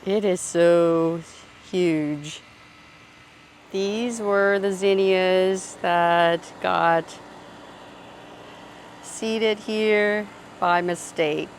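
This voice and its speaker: A woman's voice: lowish voice, fairly even intonation, very slow, pauses often, slight background noise. A woman giving a casual, chatty tour of her outdoor garden, thinking aloud as she films on a phone. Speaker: gardening vlogger.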